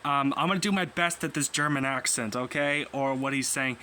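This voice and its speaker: A man's voice: mid-range voice, a little fast, hardly any pauses, bright, forceful tone. A young man casually reading a comic aloud, voicing every character in his own voice and stumbling over words as he goes. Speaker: comic reader. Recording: faint background noise.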